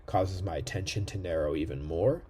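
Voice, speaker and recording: A man's voice: sits low, normal speed, mellow, slight background noise. A man giving a recorded lecture, explaining step by step and checking in with "right?" often. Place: indoor room near a street.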